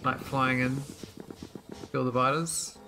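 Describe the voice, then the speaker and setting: A man's voice: medium pitch, fairly even intonation, takes it slowly, music in the background. A man casually commentating his own gameplay, thinking aloud with lots of fillers and restarts. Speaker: gameplay streamer. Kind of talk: casual let's-play commentary.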